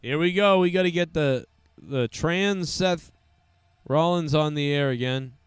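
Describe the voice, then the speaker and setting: A man's voice: fairly high pitch, measured pace, clear, resonant tone, no echo. A man hosting a live stream, giving casual commentary to his chat in a crude, joking, rambling way.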